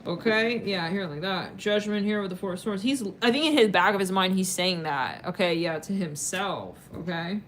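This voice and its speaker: A woman's voice: medium pitch, moderate pace, hardly any pauses, a little hiss or hum. Chatty woman doing a tarot reading. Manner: chatty, rambling, full of fillers and sudden laughs. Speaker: tarot reader. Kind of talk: casual tarot reading to camera.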